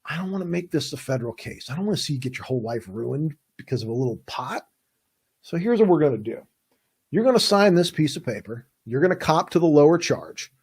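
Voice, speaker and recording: A man's voice: fairly high pitch, very animated, a little fast, a little mellow, slightly rough, full character voice. A man voicing a coaxing police interrogator who pretends to be the suspect's friend. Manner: coaxing, reassuring. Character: smooth, falsely friendly male police interrogator.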